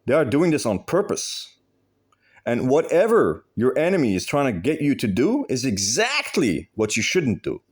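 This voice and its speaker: A man's voice: medium pitch, wildly swooping pitch, moderate pace, breathy edge. A man giving advice in a direct monologue, blunt and emphatic, swearing freely and repeating phrases for stress. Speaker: video host giving advice.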